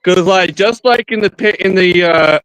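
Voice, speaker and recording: Chatty man with a slightly high voice. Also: normal speed, fairly bright tone, clean tone, no room sound, rough recording. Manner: rambling, repeats and restarts phrases; addresses viewers directly. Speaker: streamer co-host. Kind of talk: casual chat.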